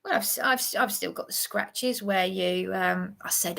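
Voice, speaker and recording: A woman's voice: lowish voice, fairly even intonation, measured pace, vocal fry, hardly any pauses, sharp tone. An agitated woman speaking in a rambling livestream monologue, often stammering and restarting her sentences.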